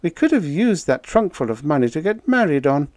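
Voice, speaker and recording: A woman's voice: low voice, very animated, fairly quick, a little mellow, dry recording, voice pushed up. A male narrator voicing a sweet, dreamy young woman in an audiobook story. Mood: wistful.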